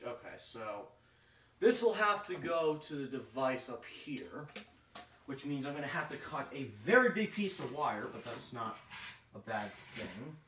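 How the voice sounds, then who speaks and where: A man's voice: mid-range voice, big pitch swings, measured pace, fairly bright tone, a little hiss or hum. A man chatting casually on a live stream while working with his hands, rambling with lots of fillers. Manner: rambling, filler-heavy, thinking aloud. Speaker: live streamer, fire alarm hobbyist. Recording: roomy echo.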